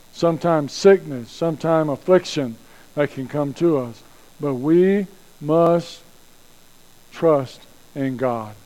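A man preaching a sermon in an earnest way and closing in soft prayer. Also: fairly high pitch, rough recording. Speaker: pastor.

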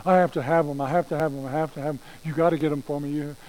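A man's voice: a little high, fairly even intonation, racing, a little mellow, natural voice, rough recording. A man voicing a whiny, vain little girl who pleads and repeats herself. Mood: pleading.

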